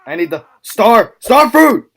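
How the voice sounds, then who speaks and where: A male YouTuber giving casual, rambling gameplay commentary, excitable and quick to laugh. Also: sits high, gravelly, a little hiss or hum. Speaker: YouTube gamer.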